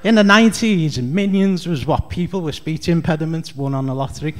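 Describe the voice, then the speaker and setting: A man's voice: a little high, brisk, hardly any pauses. A man with a Scouse accent doing a rambling, chatty stand-up comedy set on a club stage. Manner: rambling, chatty, heavy on fillers.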